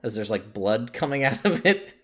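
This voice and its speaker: Man running a tabletop game, halting. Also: medium pitch, very animated, a bit bright. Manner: halting, filler-heavy, amused. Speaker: game master.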